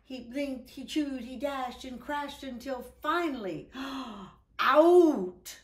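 A woman reading a children's picture book aloud, with lively, drawn-out delivery. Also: sits high, roomy sound. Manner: animated, drawn-out, voices for characters. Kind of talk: children's storybook read-aloud. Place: indoors at home.

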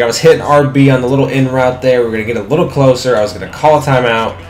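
A young man giving live, excitable commentary on his own football video game, swearing freely and talking at the screen. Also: mid-range voice, brisk, reverberant, slight background noise. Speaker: gaming commentator.

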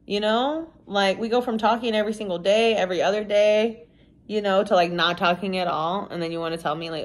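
A woman's voice: medium pitch, steady tone, brisk. A young woman from the United States talking casually to the camera in a vlog, candid and rambling, with lots of "like" and "you know". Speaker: vlogger. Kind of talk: casual confessional chat to camera.

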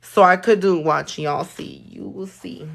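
A woman's voice: lowish voice, measured pace, gravelly, a little hiss or hum. A woman, chatting casually and cursing freely while livestreaming her nail work. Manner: sassy, swears a lot, mixes in Spanish.

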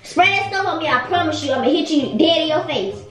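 A woman's voice: sits high, animated, a little fast, recorded from a distance, soft background music. A young woman in a home bedroom, irritated and scolding, repeating herself as she argues in a prank vlog. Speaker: vlogger. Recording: echoey room, off-mic.

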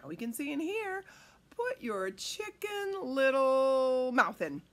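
A woman's voice: high-pitched, big pitch swings, slow, a bit bright. A woman hosting a children's storytime, reading a picture book in a playful, coaxing way and asking the kids questions.

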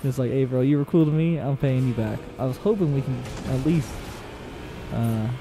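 A man giving excitable, casual commentary on his own gameplay, repeating short phrases and shouting in tense moments. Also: medium pitch, moderate pace, noisy background. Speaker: gaming channel host.

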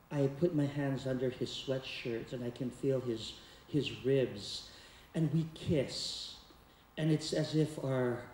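Telling a theatrical, comic tale from his own life, now and then bursting into song, a man with a mellow mid-range voice entertains a laughing crowd at a community center. The echoey hall is heard through a distant mic, along with a little hiss or hum.

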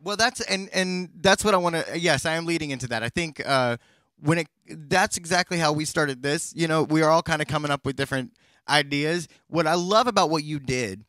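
A man's voice: on the high side, fairly quick, bright, forceful tone, dry recording. A man hosting a casual interview, rambling and restarting his questions with enthusiasm. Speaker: host.

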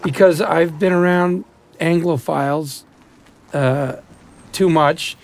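Slow, gravelly man joking around. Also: a little high, heavy background noise. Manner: joking, self-mocking, laughs while talking. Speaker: lead actor giving commentary. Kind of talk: DVD commentary chat.

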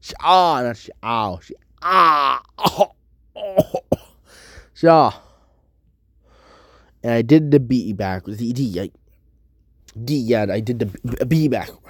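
A man rambling to his viewers while he works through a language lesson, haltingly repeating words and correcting himself. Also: mid-range voice, fairly bright tone, no room sound, clean studio sound. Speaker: vlogger. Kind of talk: rambling commentary while doing a language app.

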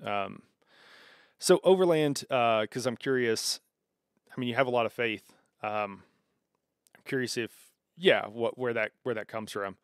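A man's voice: mid-range voice, a little slow, pauses often, dry recording, clean studio sound. A man streaming a game, talking casually with viewers and reacting to their chat, with many fillers and restarts. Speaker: gaming streamer. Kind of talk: casual live-stream commentary.

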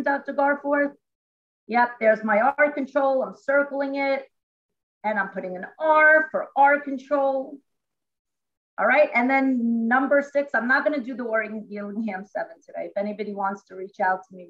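A woman teacher talks from home over a video call, walking through a lesson step by step in a lively, chatty way. Her voice sits a little high, and the call audio comes through dull and lo-fi. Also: normal speed, creaky. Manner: animated, chatty, explains step by step. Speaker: classroom teacher. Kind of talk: informal teaching demonstration.

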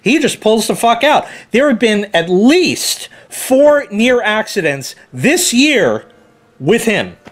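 Ranting vlogger, male, high and very animated voice, swears constantly. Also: takes it slowly. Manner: heated, profane, quoting others in put-on voices. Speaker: car hobbyist vlogger. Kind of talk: angry ranting story.

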